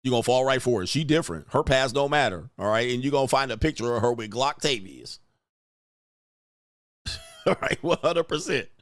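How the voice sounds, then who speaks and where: A man's voice: medium pitch, lively intonation, normal speed, pauses often, no echo. Sneering man in a dry booth. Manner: coarse, sneering, laughs at what he reads. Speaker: host reacting to online clips. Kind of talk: crude mocking reaction commentary.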